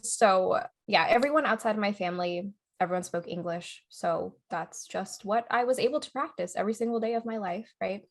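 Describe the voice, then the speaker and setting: A woman's voice: medium pitch, brisk, few pauses. A young adult woman co-hosting a podcast in casual chat, laughing often and tagging her points with "right?" and "okay?". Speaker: podcast co-host.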